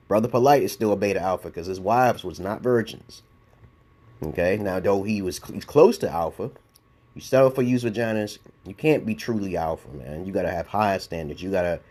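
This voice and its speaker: Sitting low and slightly mellow with a breathy edge, a man's voice carries a rambling response-video rant. He's a YouTube commentator in his forties from Brooklyn, New York, with a New York accent, speaking bluntly, cursing a lot and repeating "okay?".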